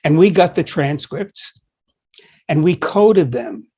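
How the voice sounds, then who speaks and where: Older male co-host, higher-pitched, anecdotal and animated in conversation. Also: slow, breathy edge. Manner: anecdotal storyteller, acts out quoted dialogue. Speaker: podcast co-host, psychology professor. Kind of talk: conversational discussion.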